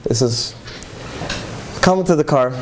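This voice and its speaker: A man's voice: a little high, unhurried, a little mellow, slight background noise. A middle-aged man, giving an earnest, heartfelt talk to parents. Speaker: speaker addressing parents. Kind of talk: emotional talk to a live audience.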